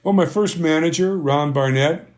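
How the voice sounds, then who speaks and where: An older man, a band founder appearing as an interview guest, tells stories in a slightly high, darkish voice at a moderate pace. He rambles conversationally, filling gaps with "you know" while acting out old conversations.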